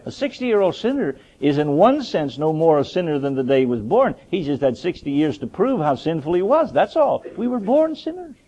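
A man delivering a fervent sermon, full of rhetorical questions and sudden high peaks of emphasis. His voice is dark and a little husky, with a lively, wide-ranging pitch. It comes through a dull, lo-fi recording. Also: fairly quick, few pauses. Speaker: preacher.

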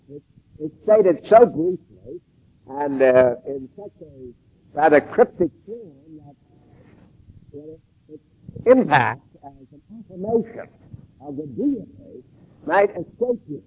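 A man giving an expository sermon in a measured, deliberate way, with emphatic stresses and pauses. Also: a little high, very animated, creaky, husky. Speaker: preacher. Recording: tinny phone-like old tape recording.

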